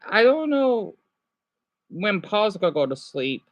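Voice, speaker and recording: Woman streamer, animated and excitable, chatting to viewers; dull, dry home recording. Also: mid-range voice, takes it slowly, no room sound. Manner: excitable, exclaims at surprises; reads out practice words while chatting to viewers. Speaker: livestreamer. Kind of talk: casual livestream chat. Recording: dull lo-fi sound.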